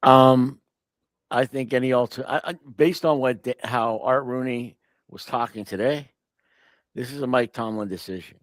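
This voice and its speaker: A man appearing as a guest on a casual sports talk show, giving measured opinions with some restarts. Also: mid-range voice, dry recording.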